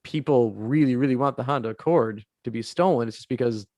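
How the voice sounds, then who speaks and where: Man, mid-pitched voice, podcast co-host, rambling casual chat, dry close sound. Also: fairly quick, mellow, no echo. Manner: rambling, many "like" fillers, chuckling.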